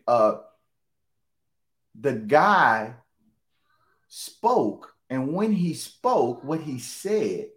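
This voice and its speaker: Emphatic man preaching a casual sermon. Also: on the high side. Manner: conversational, emphatic, repeats phrases for emphasis.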